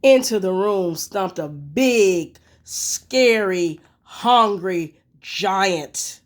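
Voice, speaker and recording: Teacher, woman, storybook reading lesson; unhurried, sing-song delivery. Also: medium pitch. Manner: expressive, with thinking-aloud pauses.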